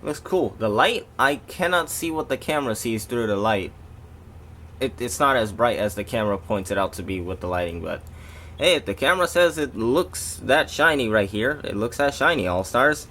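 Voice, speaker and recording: A man's voice: mid-range voice, animated, moderate pace, sharp tone, slight background noise. A man doing a casual toy review, rambling and breaking off into jokey asides to his viewers.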